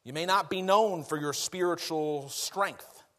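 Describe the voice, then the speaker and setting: Male preacher, slightly high voice, casual and self-deprecating delivery, frequent chuckles. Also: measured pace, a bit bright. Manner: folksy, self-deprecating, laughs often. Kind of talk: conversational sermon.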